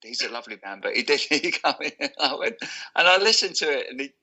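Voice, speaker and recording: A man's voice: mid-range voice, expressive, fast talker, sharp tone. A male musician guest telling anecdotes in a casual, laughing, self-deprecating way. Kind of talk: casual storytelling.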